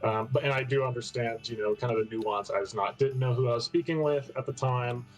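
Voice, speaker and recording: Stammery guy on a game voice call, soft music behind. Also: medium pitch, brisk, low-quality recording. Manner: hesitant, stammering. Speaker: board game player. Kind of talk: casual game-table banter. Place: online voice call.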